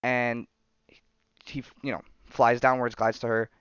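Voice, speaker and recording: A man's voice: medium pitch, little pitch movement, unhurried, fairly bright tone, clean tone, no room sound. A male podcast host casually recapping a comic story, rambling with lots of fillers, on a slightly muffled recording. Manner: rambling, filler-heavy, says "you know" and "right".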